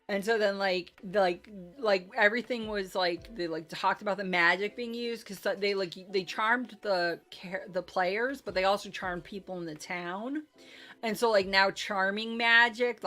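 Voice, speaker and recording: A woman game master recapping a tabletop game session in a casual, chatty way, with lots of "like" and "um". She gushes over the players' moves in a mid-pitched voice, with faint music behind. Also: a bit bright. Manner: chatty, filler-heavy with frequent "like" and "um"; gushing.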